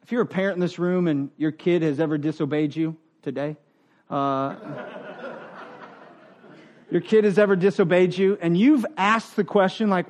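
A man preaching a sermon as pastor, animated and joking, acting out quoted voices and laughing with the congregation. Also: sits high, unhurried.

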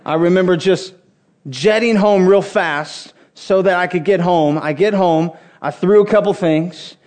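A pastor preaches to a congregation in church, his high, darkish voice unhurried. He tells funny personal stories in a conversational, humorous way.

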